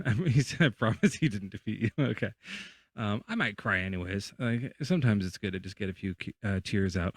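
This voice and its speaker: Man, livestream host, low voice, dry sound, rambling playful storyteller. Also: lively intonation, a little fast, no echo. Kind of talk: casual debate chat.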